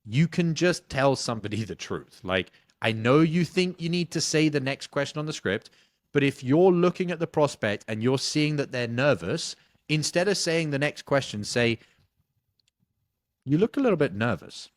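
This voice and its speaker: A man, a sales coach answering interview questions bluntly, swearing casually and telling animated stories. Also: fairly high pitch, normal speed, no echo, studio quality.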